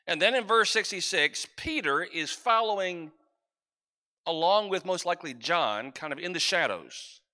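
A man's voice: sits high, animated, unhurried, sharp tone. A man preaching as a pastor, reading scripture and praying in a conversational way, now and then losing his place and asking the congregation for help. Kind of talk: sermon with scripture reading and prayer. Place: church sanctuary.

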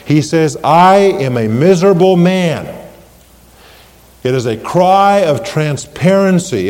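A man preaching a sermon, earnest, slowing down and rising in pitch when he quotes scripture. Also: a little mellow, in a large hall. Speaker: pastor.

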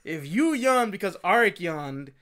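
A man's voice: high voice, very animated, unhurried, a bit bright. A man co-hosting a podcast in casual chat, teasing his partner with joking mock threats. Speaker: podcast co-host.

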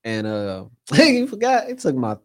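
A man's voice: medium pitch, wildly swooping pitch, a little slow. Podcast co-host: a young man with a mid-range voice, casual and loose, cusses freely. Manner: laid-back, swears a lot, laughs mid-sentence.

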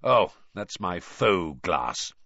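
A man voicing a gruff, blunt old male wizard teacher who growls his words. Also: sits low, very animated, takes it slowly, sharp tone, no echo, highs cut off, voice pushed down, heavily acted.

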